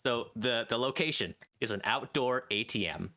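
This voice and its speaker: A man's voice: medium pitch, moderate pace, pushed and bright. A man hosting a podcast, leading improv games in a rambling, mock-teacherly way full of fillers. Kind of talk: casual chat.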